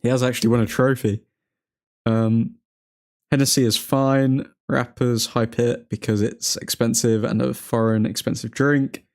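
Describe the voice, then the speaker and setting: A man's voice: medium pitch, flat delivery, unhurried, darkish tone. A man with an English accent casually hosting a football watchalong, chatting and reacting to viewer comments. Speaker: livestream host.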